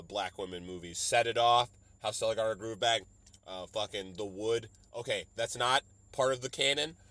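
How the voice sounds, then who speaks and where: Bright-voiced man ranting on his podcast. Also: on the low side. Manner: rambling and profane, slipping into mock voices for quotes. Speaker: podcast host. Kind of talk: solo comedic podcast rant.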